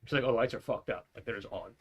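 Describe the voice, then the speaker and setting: A man's voice: fairly low pitch, rapid-fire, a little hiss or hum. A young man co-hosting a casual talk show, telling a rambling, profane story and acting out the voices of the people in it. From New York area. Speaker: podcast co-host.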